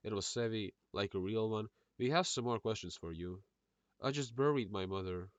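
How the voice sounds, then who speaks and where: A man's voice: fairly low pitch, normal speed, dry recording, muffled recording. A man with an Eastern European accent reading a film script aloud for laughs, doing every part and stumbling over words with side comments. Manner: reads all parts in one voice, stumbling over words and adding asides. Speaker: script reader. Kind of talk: comedic script read-through.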